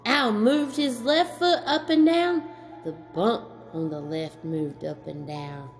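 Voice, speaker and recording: Slow gentle woman reading a story aloud. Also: on the high side, faint music behind. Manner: gentle, slow read-aloud, chatting with a child.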